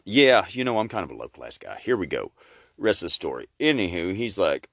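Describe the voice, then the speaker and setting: A man's voice: sits low, big pitch swings, a little fast, gravelly, a bit bright, no room sound, studio quality. Rambling, crude folksy storyteller man. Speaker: podcast host doing a comic storyteller character.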